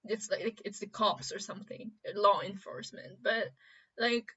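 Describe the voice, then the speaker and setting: A woman's voice: mid-range voice, normal speed, pushed and bright, breathy edge. A woman vlogger chatting casually to her viewers, hesitant and full of fillers. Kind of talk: casual chat, retelling messages. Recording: dull lo-fi sound.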